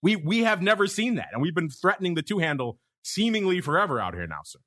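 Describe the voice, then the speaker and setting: A man's voice: high voice, sing-song, fast talker, fairly bright tone. A man hosting a podcast, chatting casually about markets and laughing often in playful banter. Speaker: podcast host.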